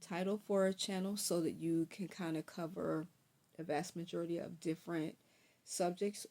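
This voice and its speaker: A young woman vlogger talking casually to camera, giving tips in a chatty, relaxed way with frequent ums. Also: fairly low pitch, normal speed, vocal fry.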